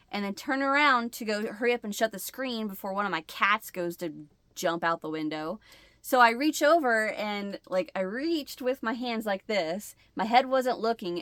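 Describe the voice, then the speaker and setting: Woman vlogger, casual storyteller, bright and close-miked, animated delivery. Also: medium pitch, no echo. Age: adult with a husband. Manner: animated, acts out her own shouts and gasps. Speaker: channel host.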